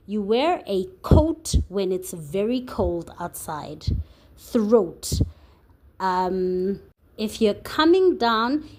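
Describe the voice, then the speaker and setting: A woman's voice: mid-range voice, warm tone. A woman tutor teaching a phonics and spelling lesson to young children, patiently sounding out letters and words.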